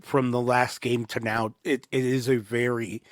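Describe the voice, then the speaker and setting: A man co-hosting a casual podcast chat, talking in a halting way with many pauses. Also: medium pitch, level tone, dry recording. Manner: slow, halting, gives short agreements. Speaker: podcast co-host.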